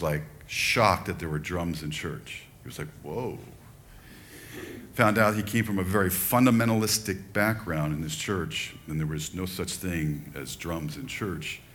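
An older man preaching a sermon in a relaxed, conversational way, telling personal stories and acting out quoted lines. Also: low-pitched, slight background noise. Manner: conversational, animated storytelling with quoted asides. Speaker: pastor.

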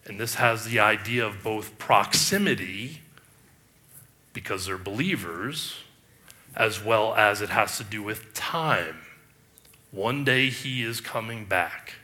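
Male preacher with a bright, forceful voice; emphatic sermon delivery with restarts. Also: lowish voice, animated, takes it slowly. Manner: emphatic, rhetorical questions, frequent restarts. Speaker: pastor.

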